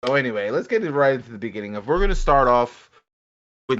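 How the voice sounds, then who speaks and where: A man co-hosting a casual gaming podcast, rambling and animated, acting out quotes as he talks. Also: medium pitch, quick pace. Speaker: podcast co-host. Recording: dull lo-fi audio.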